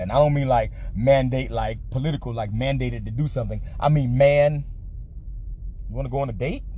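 A man's voice: mid-range voice, mellow, slight background noise. A man hosting a podcast in a loose, profane, joking monologue. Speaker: podcast host. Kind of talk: casual monologue.

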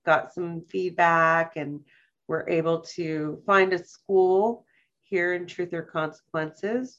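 Woman cohosting a podcast, unhurried, thoughtful, kinda muffled sound. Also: on the low side. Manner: slow, thoughtful, reads passages aloud carefully. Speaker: podcast co-host. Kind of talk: casual chat.

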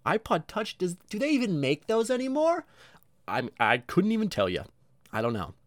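Lively, rambling, profane male podcast host. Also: sits high, normal speed, no echo, studio quality. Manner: rambling, profane, self-mocking; energetic. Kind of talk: casual solo monologue.

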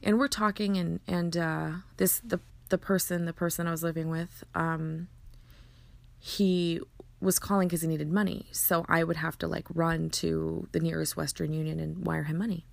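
A woman's voice: low voice, little pitch movement, moderate pace, gravelly, dry recording. A woman earnestly telling a personal story, acting out the dialogue and often restarting her sentences. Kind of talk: personal story told in conversation.

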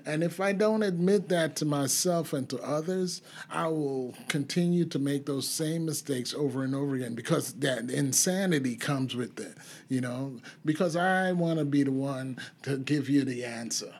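A frank, blunt man with a fairly high voice talks about recovery on a casual podcast. He laughs easily and speaks plainly about his own mistakes. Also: normal speed, darkish tone, slightly rough.

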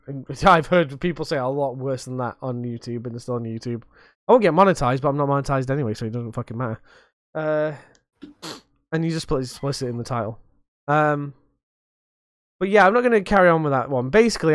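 A young podcast host talks in a loose, rambling way, swearing often and poking fun at themself. The voice sits in a middle pitch and is recorded close and dry, with no room sound around it. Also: no room sound. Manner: sweary, rambling, self-mocking. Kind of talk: casual podcast chat.

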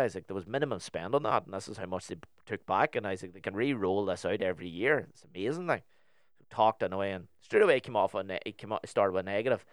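A man's voice: lowish voice, clear, resonant tone, no echo, clean studio sound. A young man with a Northern Irish accent, telling a story in casual chat on a podcast and acting out both sides of the conversation.

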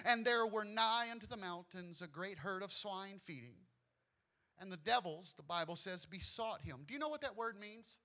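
A man's voice: high-pitched, expressive, normal speed, bright, forceful tone. A man pastor delivering a sermon, reading scripture and preaching in an emphatic, playful way.

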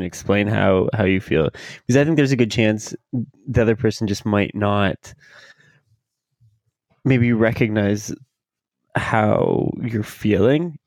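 A man's voice: fairly low pitch, darkish tone, no room sound. A man co-hosting a podcast, giving laid-back advice with frequent laughs. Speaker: podcast co-host. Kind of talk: casual chat.

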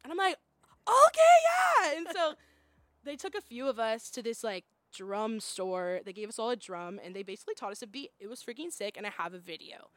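A young woman telling a story in casual chat, animated, acting out quoted voices and laughing often. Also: mid-range voice, brisk, no room sound. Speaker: guest storyteller.

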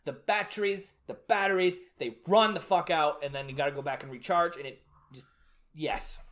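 A man's voice: a little high, normal speed. Guy cohosting a podcast, gets all worked up, swears a lot, laughs a bunch. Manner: excitable, swears, laughs often. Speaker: podcast co-host. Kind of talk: casual chat.

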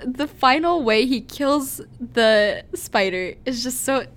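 Giggly, animated woman host. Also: medium pitch, measured pace, few pauses. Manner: animated, giggly storytelling with many "like"s. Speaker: podcast co-host. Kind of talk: casual chat.

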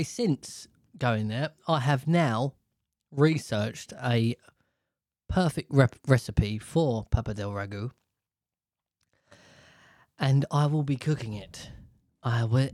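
In a mid-range voice, a man rambles energetically through a casual chat with his co-host, often slipping into quick impressions. The sound is close and dry with no echo.

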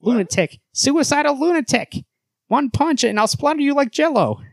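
A man's voice: very high-pitched, sing-song, normal speed, creaky, no echo, studio quality, voice pushed up, full character voice. A man voicing a boastful, invulnerable male superhero in a raised, strained put-on voice while reading comic dialogue.

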